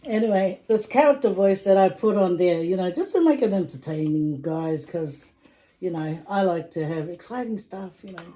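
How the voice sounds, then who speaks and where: Brief: woman vlog host, casual mealtime chat, mellow tone, giggly asides. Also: on the low side, normal speed, low-quality recording. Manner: chatty and giggly, trails off into soft asides. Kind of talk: casual chat while eating.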